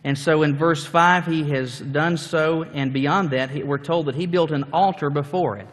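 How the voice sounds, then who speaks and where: A male pastor delivers a sermon and tells the story with acted-out scenes. His voice sits a touch high and rings in a hall with a long reverb. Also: steady tone, moderate pace.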